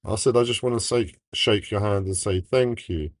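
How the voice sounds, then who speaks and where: A man with a fairly low voice tells a personal story on a livestream. He rambles, cuts himself off and starts over, and his feelings come through. The sound is dry and close, with no room echo. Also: moderate pace. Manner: emotional, rambling, self-interrupting. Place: home, livestream.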